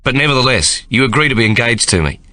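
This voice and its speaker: A man's voice: mid-range voice, lively intonation, fast talker, bright, forceful tone, no echo, pitched above the performer's own voice. A man voicing a playful young soldier with a jaunty, teasing manner.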